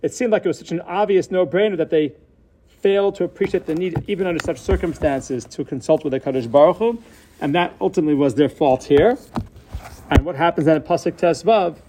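A man with a fairly high voice teaches a Bible passage verse by verse. He is animated and slows down to lean on key words, working Hebrew terms into his explanation. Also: a little hiss or hum. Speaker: Torah teacher. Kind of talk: text-based Bible lesson.

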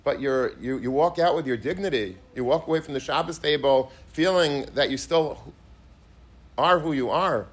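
A man's voice: a little high, moderate pace. A man, a rabbi, giving an emphatic sermon. He repeats himself, restarts his phrases, and mixes in many Hebrew and Yiddish terms. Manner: emphatic, repetitive, with frequent restarts.

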